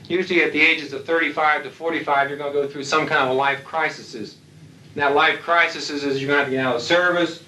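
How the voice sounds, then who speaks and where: A man's voice: on the high side, pushed and bright, a little hiss or hum. A man giving a lecture to military aviators in a blunt, folksy way with salty humor. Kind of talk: lecture to an audience. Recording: echoey hall, distant mic.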